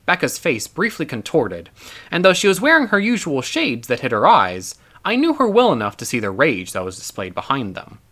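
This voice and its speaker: Man reading a novel, animated. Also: medium pitch, moderate pace. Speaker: author reading his novel. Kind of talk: audiobook narration.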